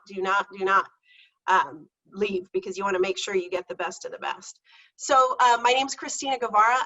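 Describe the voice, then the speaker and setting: A middle-aged woman speaking over a video call as a guest speaker, excited, emotional and earnest as she shares her story. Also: medium pitch, dull audio. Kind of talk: motivational personal talk.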